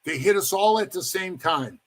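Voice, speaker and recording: Guy w a husky kinda high voice rambling thru an old story in an interview, says bro a lot, does everybody's voices. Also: lively intonation, normal speed. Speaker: former motorcycle club member telling his story.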